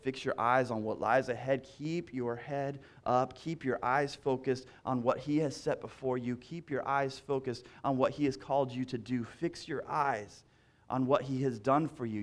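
A male pastor preaching a sermon in an animated, repetitive style that builds in intensity. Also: medium pitch.

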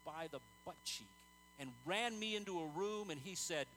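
Earnest man preaching a sermon, slightly high voice. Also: moderate pace, a bit bright, slight background noise, poor audio. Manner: conversational, earnest, tells stories, many fillers and restarts.

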